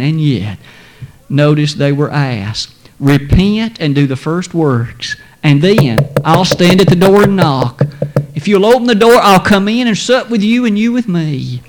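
A man preaching a sermon, quoting scripture in old-fashioned wording, swelling loud and high on key words and dropping to a near whisper. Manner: emphatic, swells high then drops to a hush.

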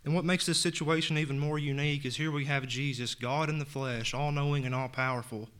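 A man's voice: a little high, fairly even intonation, fairly quick, fairly bright tone, clean tone. A man preaching a sermon in an earnest tone, reading scripture aloud and retelling it in plain words.

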